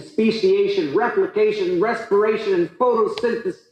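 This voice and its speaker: A man's voice: sits high, moderate pace, very echoey, voice pushed up, close to an everyday voice, low-quality recording. A man putting on an exaggerated, strained impression of a creationist preacher man. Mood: mocking.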